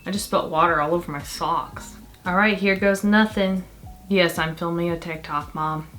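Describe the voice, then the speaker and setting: A young woman vlogging a makeup tutorial in a casual, chatty and self-mocking way, full of quick asides. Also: lowish voice, fairly bright tone, faint music behind.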